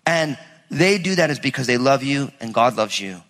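A man, a pastor, preaching a lively, conversational sermon with humor in a church. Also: medium pitch, normal speed, big-room sound.

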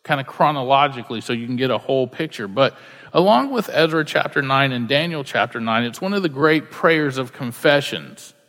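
A man's voice: medium pitch, expressive, a little fast, fairly bright tone, long reverb tail. A male pastor preaching a verse-by-verse sermon, earnest and repeating key lines for emphasis.

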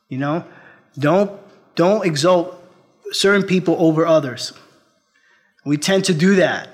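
A male pastor preaching a sermon, earnest, moving between raised appeals and quiet storytelling. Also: on the high side. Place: church.

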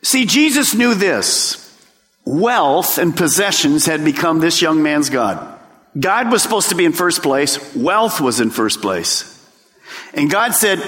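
A man preaching a sermon as a pastor, swinging between loud bursts and hushed lines. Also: sits high, very animated, slow. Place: church sanctuary. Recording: long hall reverb.

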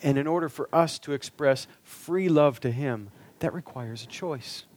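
Earnest preacher with a raised pitch. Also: male voice, a little slow, darkish tone. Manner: earnest, asks rhetorical questions. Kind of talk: sermon.

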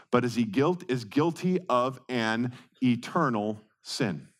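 A man preaching a sermon as pastor, repeating key words for stress and swinging between quick bursts and slow, drawn-out phrases. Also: a little high.

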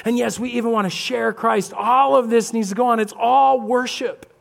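A man preaching a lively sermon as pastor, acting out little scenes and voices of churchgoers. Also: very high voice, normal speed, vocal fry. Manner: animated, acts out congregation voices. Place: church sanctuary.

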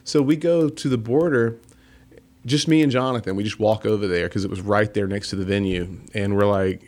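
A man with a South Carolina accent, a band's lead singer, telling a story in a casual, animated chat. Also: fairly low pitch, brisk. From South Carolina, USA. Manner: animated, laughs while telling stories.

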